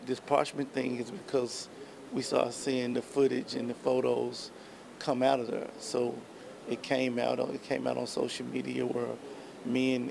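Man, gravelly, monotone, casual interview. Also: mid-range voice, noisy background. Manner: laid-back, fillers like "you know". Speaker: interviewee, rapper.

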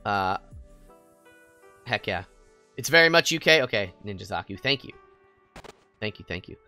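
A young American man chatting playfully while streaming a game, prone to excited squeals. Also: lowish voice, moderate pace, soft background music. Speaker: VTuber streamer. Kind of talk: casual gaming stream chat.

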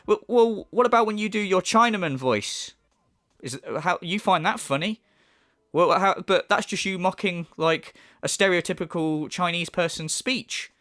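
Man, mocking commentary, lively swooping voice, slightly high. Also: normal speed. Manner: mocking, swearing, laughing. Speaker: YouTuber responding. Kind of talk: casual commentary.

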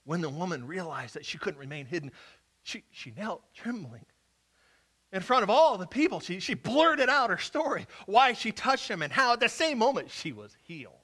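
A male pastor preaching a sermon and telling the story dramatically, shifting from hushed to loud. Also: high-pitched, very animated, normal speed.

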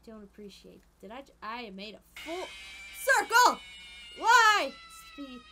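A young woman streaming a game, talking casually in a very high, bright voice that leaps all over the place. She squeals and giggles at surprises, then drops to murmured asides, with faint game music under her. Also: very animated, slow pace. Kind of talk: casual gameplay commentary.

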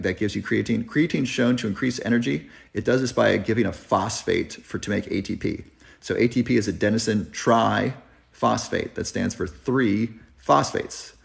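A man's voice: lowish voice, vocal fry. A man in his thirties hosting a live health Q&A, talking earnestly and reflectively to viewers. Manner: earnest, reflective, tearing up at times. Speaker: health channel host. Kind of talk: live Q&A chat. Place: driving, in a car.

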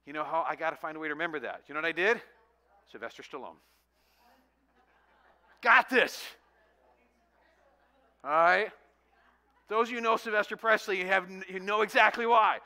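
A pastor in his forties preaching a sermon, telling self-mocking stories with animated humor. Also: high-pitched, moderate pace, pauses often.

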